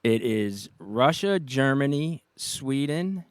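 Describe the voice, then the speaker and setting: A middle-aged man with a New York accent spins a story in a casual way, putting on the voices of the people he quotes. His voice sits at an ordinary middle pitch, and the recording is dry and close. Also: slow, smooth, dry recording. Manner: animated anecdotes, acts out quoted voices, laughs often. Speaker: guest, retired police officer.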